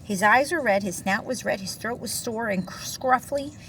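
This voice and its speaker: A woman reading a picture book aloud to a child, expressive and gentle, pausing to chat about the pictures. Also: a little high. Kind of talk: storybook read-aloud with asides. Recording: distant mic, faint room noise.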